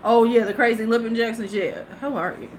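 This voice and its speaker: A woman's voice: fairly high pitch, a little fast, a little hiss or hum. A woman in her fifties, a beauty vlogger hosting a live stream, chatting casually, laughing and greeting her viewers. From United States.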